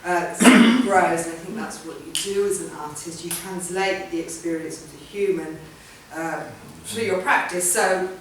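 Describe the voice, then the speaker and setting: A woman artist gives an informal public talk in an event room or hall, her voice on the low side at normal speed with few pauses. She's chatty and rambling, with many ums and restarts, and the distant mic picks up a roomy, echoey sound with a little hiss or hum.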